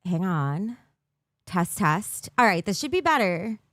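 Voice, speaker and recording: A woman's voice: mid-range voice, big pitch swings, takes it slowly, fairly bright tone, no room sound, clean studio sound. A woman live-streaming from her bedroom, chatting casually with her viewers on a desk mic and giggling often.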